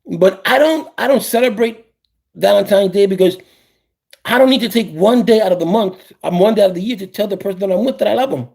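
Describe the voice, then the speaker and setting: A man hosting a casual talk show, sharing opinions in an animated way and often repeating or restarting his phrases. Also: high voice, fairly quick, vocal fry. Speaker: podcast host.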